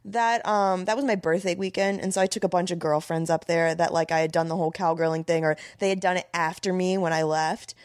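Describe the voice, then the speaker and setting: A woman's voice: lowish voice, little pitch movement, a little fast, few pauses, no room sound, studio quality. A woman in her thirties, a stand-up comedian guesting on a podcast, telling candid stories in casual chat with lots of "like". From Florida, US. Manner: candid, storytelling, frequent "like".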